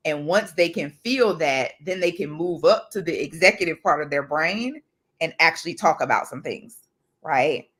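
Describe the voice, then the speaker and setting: A woman sharing what she learned on a casual video call, her voice sitting a touch low but bright and forceful. She tells it as a story, putting on the voices of the people she quotes and asking "right?" at every turn. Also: moderate pace. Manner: animated retelling, acts out quotes, frequent "right?". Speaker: accountability group member sharing a lesson; mother.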